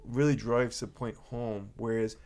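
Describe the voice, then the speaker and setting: A man co-hosting a podcast with a voice at an ordinary middle pitch. He speaks earnestly and reflectively in a relaxed conversation. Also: measured pace. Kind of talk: casual podcast chat.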